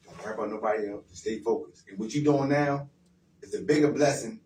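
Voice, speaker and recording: A man's voice: fairly low pitch, quick pace, dark tone. A man hosting a casual radio talk, speaking bluntly and encouragingly, with street slang and repetition. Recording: roomy sound from far off the mic with faint noise.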